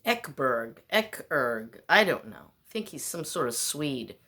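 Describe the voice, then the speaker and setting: A woman's voice: very deep voice, sing-song, measured pace, a bit bright. A woman vlogger delivering a rambling, exasperated, self-mocking monologue.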